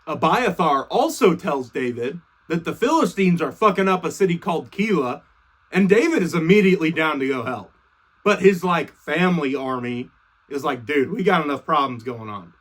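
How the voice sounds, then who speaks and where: A man's voice: fairly high pitch, expressive, moderate pace, slightly rough. A young man casually retelling a story in slang, swearing freely and offhand.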